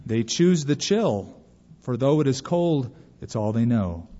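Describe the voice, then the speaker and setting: A man voicing a calm, patient male stranger in a storybook tale, speaking slowly and gently. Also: mid-range voice. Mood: gentle. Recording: dull recording with long hall reverb.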